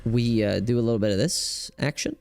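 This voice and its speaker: A young man giving casual gameplay commentary as a streamer, rambling and excitable with lots of fillers. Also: medium pitch, brisk, vocal fry, faint music behind. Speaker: gaming streamer.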